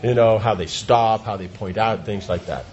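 Speaking at a moderate pace in a fairly low, slightly mellow voice, a male teacher leads a relaxed class discussion. He uses everyday examples and keeps asking if students follow. The sound is dull and lo-fi with some light noise.

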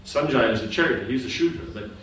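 A man's voice: mid-range voice, animated, quick pace, a bit bright, recorded from a distance. A man teaching a scripture class, explaining patiently and often checking that his listeners understand. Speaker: spiritual teacher. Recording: echoey room recorded from afar with background noise.

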